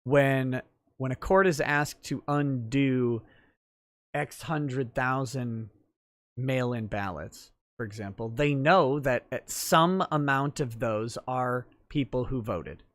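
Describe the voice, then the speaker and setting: A man's voice: medium pitch, takes it slowly, dry recording. A man hosting a livestream, explaining legal matters in a casual, thinking-aloud way with fillers. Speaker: livestream talk show host and lawyer.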